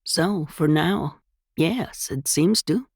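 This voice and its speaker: A wry, weary American writer, voiced by a woman narrator, talking slowly and gravely. The tone is breathy and intimate, recorded dry and close for a storybook. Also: low voice, darkish tone, no room sound, exaggerated voice.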